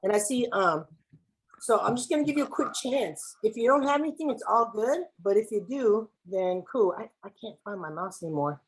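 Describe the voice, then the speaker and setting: A woman's voice: mid-range voice, expressive, normal speed, husky, poor audio. A woman from Los Angeles facilitating an online workshop over a video call in a playful, slangy, chatty way. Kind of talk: lively online workshop hosting.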